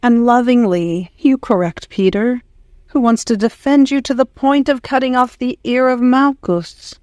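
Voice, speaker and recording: A woman reading a devotional text aloud in a prayerful, unhurried way. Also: mid-range voice, darkish tone, no room sound, studio quality. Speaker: audiobook reader.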